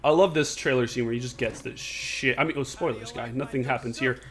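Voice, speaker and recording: A man's voice: mid-range voice, fairly quick, a bit bright. A man joking through gameplay commentary, laughing often and slipping into silly voices. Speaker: game streamer.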